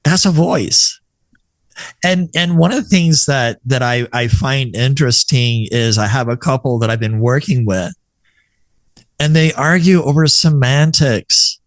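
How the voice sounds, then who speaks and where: A man from Texas hosting a conversational podcast, talking in a measured, reflective way with easygoing fillers. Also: medium pitch, dry recording, clean studio sound. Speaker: podcast host and coach.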